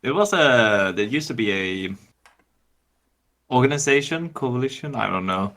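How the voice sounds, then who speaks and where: A man's voice: mid-range voice, animated, normal speed, fairly bright tone. A man from Sweden chatting casually with fellow players on a call, given to dry, joking asides. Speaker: tabletop game player. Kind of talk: casual chat.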